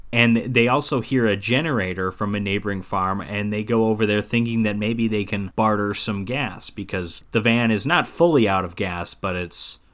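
A man co-hosting a podcast, casually recapping a movie plot in a rambling, filler-heavy way with quick laughs. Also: lowish voice, fairly bright tone. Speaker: podcast co-host.

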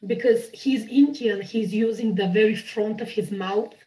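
A woman whose first language is not English, chatting as an improviser guest over a video call, animated and quick to laugh. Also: medium pitch, rough recording. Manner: animated, gushing, laughs often. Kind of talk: casual interview chat.

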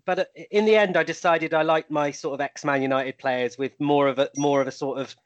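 A man's voice: a little high, steady tone, brisk, dry recording, muffled recording. A man on a chat panel, telling an anecdote with plenty of ums and hesitations. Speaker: panel guest.

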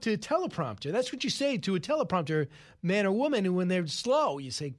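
A man's voice: high-pitched, expressive. A man hosting a talk radio show, giving opinionated, emphatic commentary and taking calls. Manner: opinionated, emphatic, quick asides. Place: radio studio.

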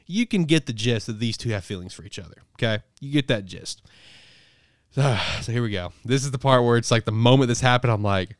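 A man hosting a casual podcast, recapping a manga chapter in a profane, rambling, animated way. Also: mid-range voice, brisk, no echo, clean studio sound. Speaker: podcast host reviewing manga. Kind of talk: casual chat.

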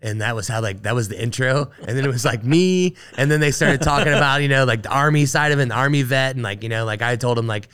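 A man's voice: mid-range voice, fast talker, hardly any pauses, a bit bright, clean tone. A man on a casual chat show, telling a long story full of asides and acted-out quotes. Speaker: guest, brewer.

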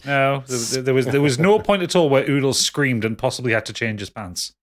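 A man's voice: medium pitch, fairly quick. A man co-hosting a podcast, making wry, sarcastic quips in casual banter. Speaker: podcast co-host.

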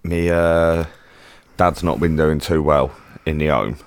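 A man's voice: extremely low pitch, steady tone, takes it slowly, no echo. A man with a Cockney accent co-hosting a podcast, laid-back and dry-humoured. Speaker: podcast co-host. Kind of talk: casual podcast banter.

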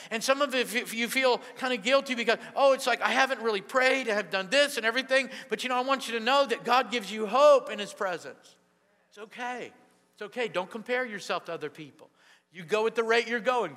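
A man's voice: sits high, sharp tone. A man preaching a sermon as pastor, fervent and calling out to the congregation. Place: church sanctuary. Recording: long church-hall reverb.

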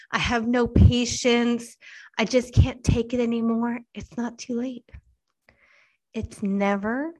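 A woman in her thirties speaks to mothers in an earnest devotional talk. She takes her time, leaning on each phrase with unhurried emphasis. Her voice sits at an ordinary middle pitch and at moments sinks to a soft, hushed near-whisper. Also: poor audio.

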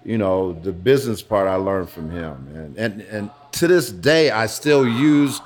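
A middle-aged man being interviewed in a pizza restaurant, telling his own story frankly with halting restarts. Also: on the low side, animated. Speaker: interviewee, former dancer turned business owner. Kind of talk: candid personal storytelling.

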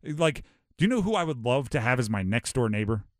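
A man from Hawaii hosting a sports talk show, animated and rhetorical, often acting out quotes. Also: medium pitch, fairly quick, dry recording, studio quality.

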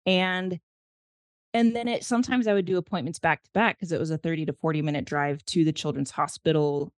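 Woman, thirties, low pitch, earnest, reflective storytelling, dry close sound. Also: steady tone, a little fast, no room sound. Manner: earnest, reflective, emotional retelling. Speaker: guest, mother of a child with special needs. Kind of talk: candid interview storytelling.

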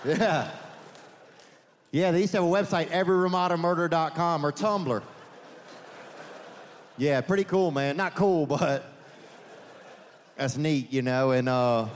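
Rambling stand-up comedian, high-ish voice. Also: male voice, slight background noise. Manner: rambling, meandering digressions with frequent "man" and "you know". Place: stage of a large theater. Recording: reverberant theater with faint audience ambience.

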